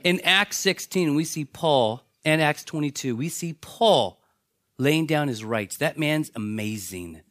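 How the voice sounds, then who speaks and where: A male pastor preaching with a slightly raised pitch, recorded dry and close. He tells Bible stories with animation and drops into the characters' voices. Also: unhurried, dry recording. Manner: animated storytelling, acts out voices of biblical characters. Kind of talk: sermon.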